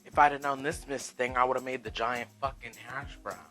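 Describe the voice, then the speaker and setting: Man, sassy home cooking vlogger, bright forward tone, cussing freely, faint music underneath. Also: mid-range voice, steady tone, a little fast, rough recording. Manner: sassy, profane, talks to viewers as "girl" and "honey". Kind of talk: casual cooking vlog. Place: home kitchen.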